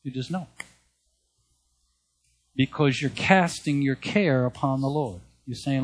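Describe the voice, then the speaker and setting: A man's voice: medium pitch, takes it slowly, pauses often. A man preaching a sermon, speaking earnestly, repeating key phrases and reading Bible verses aloud. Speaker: pastor.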